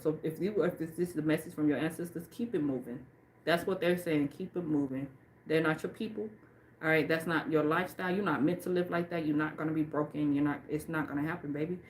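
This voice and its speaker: A woman doing a livestream card reading off camera, speaking emphatically and with a lot of swearing, and reading the card text aloud slowly. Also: deep voice. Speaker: tarot and oracle card reader. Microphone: off camera, face not shown.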